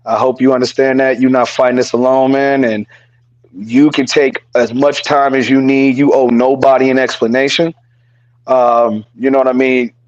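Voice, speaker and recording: A man's voice: mid-range voice, level tone, moderate pace, darkish tone, no room sound, lo-fi sound. Earnest man speaking from the heart. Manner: earnest, repeats phrases, curses freely. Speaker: podcast co-host. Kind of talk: casual heartfelt podcast talk.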